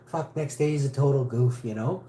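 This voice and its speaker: A man telling a rough, profane story in a blunt, casual way as a vlogger. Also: medium pitch, fairly quick, mellow. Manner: blunt and profane, peppered with "eh" and "you know". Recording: roomy echo.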